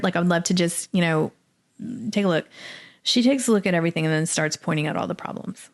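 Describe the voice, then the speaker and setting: A middle-aged woman from Dallas, Texas, telling her story as a podcast guest, animated and acting out the people she quotes. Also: lowish voice, quick pace. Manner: animated, acts out quoted voices. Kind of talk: casual storytelling interview.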